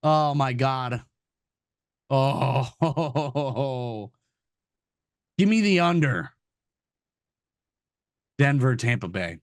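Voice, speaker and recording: A man co-hosting a casual sports betting podcast, joking loudly and swearing freely. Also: medium pitch, lively intonation, drawn-out words, pauses often, no room sound, clean studio sound. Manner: loud, jokey, swears a lot. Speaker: podcast co-host.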